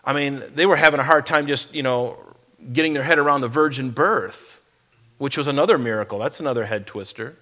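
A man's voice: medium pitch, pushed and bright. Man preaching a conversational Bible sermon. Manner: conversational, reads scripture slowly with emphasis. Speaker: pastor.

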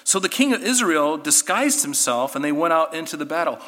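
A man teaching a Bible study class, animated and given to sarcastic asides. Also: on the high side, fairly quick, in a large hall.

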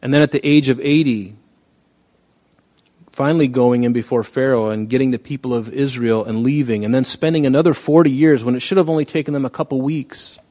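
A man preaching a sermon in an easy, conversational way. His voice sits at an ordinary middle pitch. He talks plainly to the congregation and sometimes slips into the voices of people in a story. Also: fairly even intonation, brisk, warm tone. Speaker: pastor.

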